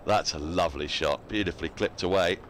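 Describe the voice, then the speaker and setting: A man's voice: deep voice, brisk, a bit bright, slight background noise. A man giving live cricket commentary in a chatty way, laughing often and reading out listener emails between the play.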